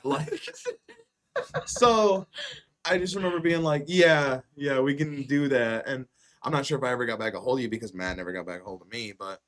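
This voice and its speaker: A man's voice: mid-range voice, normal speed. A man hosting a podcast, telling a wild story in casual chat, swearing a lot and acting out what people said. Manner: animated storyteller, heavy swearing, acts out quotes loudly. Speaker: podcast host.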